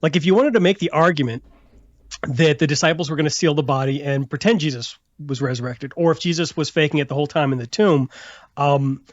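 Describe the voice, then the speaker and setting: A man with a somewhat high voice talks through a casual podcast chat, laughing often and rambling with restarts and fillers. The sound is a little muffled and lo-fi, with a dry, close feel. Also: a little fast, no room sound. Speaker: podcast host.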